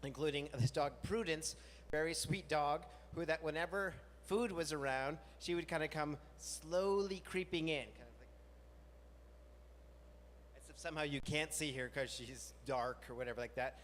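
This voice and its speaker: A man hosts a live storytelling evening in a large music venue. His voice sits a bit high and he talks in a chatty, self-deprecating way. A long hall reverb and faint room noise trail every line. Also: normal speed. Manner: chatty, self-mocking, jumps into high silly voices for quoted bits. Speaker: host.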